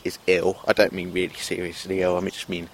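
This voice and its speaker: A man's voice: deep voice, completely flat delivery, quick pace, a little hiss or hum. A man talking to camera in a rambling, hesitant monologue, full of fillers and restarts. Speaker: vlogger. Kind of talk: casual self-filmed monologue.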